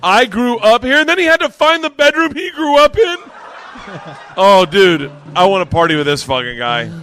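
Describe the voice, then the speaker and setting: Brief: male guest comic, lively swooping voice, high-ish, laughing storyteller. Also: normal speed. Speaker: guest comedian. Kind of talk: animated storytelling.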